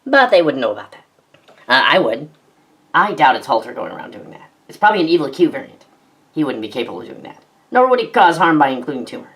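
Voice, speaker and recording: Low-voiced woman performing a sci-fi fan drama. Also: big pitch swings, fairly bright tone. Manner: quick-switching, sarcastic, melodramatic. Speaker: narrator and voice actor. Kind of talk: fan audio drama, reading many parts.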